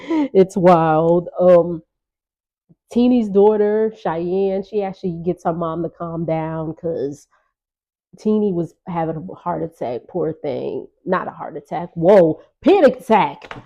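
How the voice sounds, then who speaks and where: Chatty woman recapper, low mellow voice, slightly dull lo-fi sound. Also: slow. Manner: chatty, gossipy, laughing asides. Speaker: reality TV recap vlogger. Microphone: on-camera.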